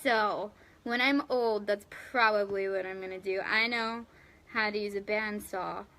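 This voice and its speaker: A woman's voice: mid-range voice, steady tone, unhurried, bright, forceful tone. A young woman hosting a casual live stream, chatting loosely and giggling as she answers viewers by name. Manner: loose and rambling with fillers. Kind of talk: casual live chat reading viewer comments.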